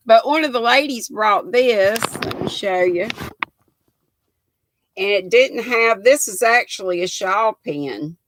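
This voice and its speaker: A woman's voice: mid-range voice, animated, takes it slowly, long pauses, background noise. An older woman from North Carolina with a North Carolina Southern accent, chatting folksily on a crochet livestream and greeting viewers by name. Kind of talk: casual livestream chat reading comments.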